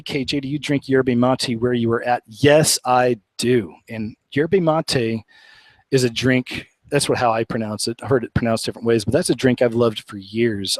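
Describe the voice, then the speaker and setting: A man's voice: mid-range voice, no room sound, rough recording. Rambling man on a live stream. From Oklahoma, USA. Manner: rambling, earnest, laughs often. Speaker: live show host. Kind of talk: casual live-stream chat.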